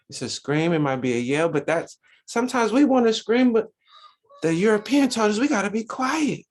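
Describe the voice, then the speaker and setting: A man teaching a religious Sunday school lesson, preaching with lots of rhetorical questions to his listeners. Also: a little high.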